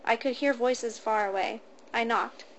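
A woman reads a first-person story aloud in a steady, matter-of-fact way. Her voice sits somewhat high, with a light hum of ambience behind it. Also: unhurried. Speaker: narrator.

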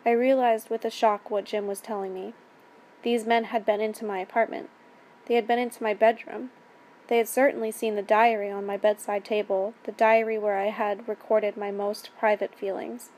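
A woman reading a first-person story aloud in a steady, even narration. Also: mid-range voice, normal speed.

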